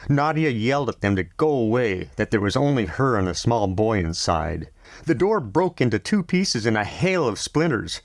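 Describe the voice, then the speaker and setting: Male novel narrator, gravelly, measured, recorded dry and close. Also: mid-range voice, very animated, dry recording. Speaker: audiobook narrator.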